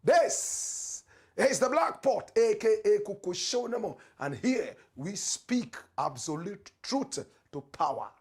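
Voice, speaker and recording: A man's voice: high-pitched, big pitch swings, takes it slowly, a little mellow, slightly rough. A Ghanaian man hosting a political commentary show, talking in a preacherly, dramatic way with repeated catchphrases. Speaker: show host.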